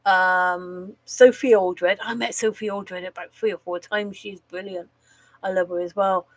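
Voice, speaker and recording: A woman's voice: medium pitch, steady tone, unhurried, dry recording, poor audio. A woman chatting casually on a live stream, rambling, swearing freely and laughing at her own jokes.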